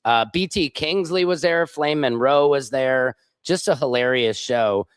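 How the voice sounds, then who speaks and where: A man's voice: mid-range voice, a little slow, smooth, no room sound. A man hosting a casual livestream, rambling chattily and reading viewer comments aloud. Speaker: livestream show host.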